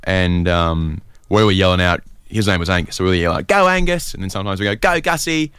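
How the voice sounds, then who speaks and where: Radio host guy, jokey, laughs a lot, smooth clear voice, dry sound. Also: low-pitched, level tone, fast, fairly bright tone, no room sound. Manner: joking, laughs often. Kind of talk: casual chat.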